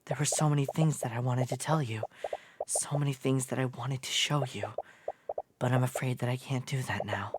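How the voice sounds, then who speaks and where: A woman voicing a solemn, loving mother in a game, reading earnestly and gently. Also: rumbling low, fairly even intonation, normal speed, heavy background noise.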